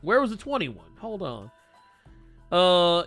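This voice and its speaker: An excitable man chats on a comic book live stream, his voice high and jumping all over. The tone is bright and forceful. He rambles, stumbles and swears as he goes. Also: fast, faint music behind. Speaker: co-host of a comic book talk show. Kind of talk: casual live-stream chat.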